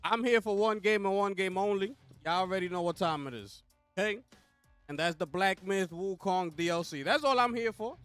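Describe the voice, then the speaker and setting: A man's voice: high voice, fairly even intonation, moderate pace, smooth, no room sound. A young man, hosting a casual livestream. He hypes up his chat and calls out to them with repeated slang. Faint music plays behind him. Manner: hyped, talks straight to chat with repeated slang call-outs. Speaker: livestream host. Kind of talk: casual live co-stream chat.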